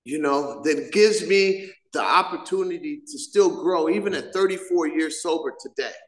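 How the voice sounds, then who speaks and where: Middle-aged man, high voice, animated storyteller, recovery meeting share, roomy echoey hall sound. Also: moderate pace. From Southern California. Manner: animated storyteller, acts out scenes with sound effects. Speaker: main speaker at a recovery meeting. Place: meeting room.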